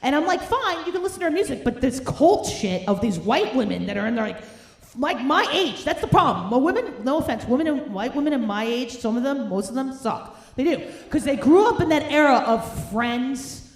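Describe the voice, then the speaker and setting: A woman's voice: high voice, animated, normal speed. A woman, doing a brash, profane, ranting stand-up set while hungover. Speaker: stand-up comedian. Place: comedy club stage. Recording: roomy club sound, faint noise.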